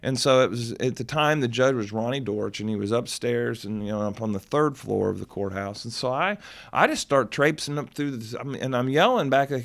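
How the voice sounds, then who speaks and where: A middle-aged man, a lawyer co-hosting a podcast, telling a story in casual chat with many restarts and loud bursts when he quotes. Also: mid-range voice, expressive, brisk.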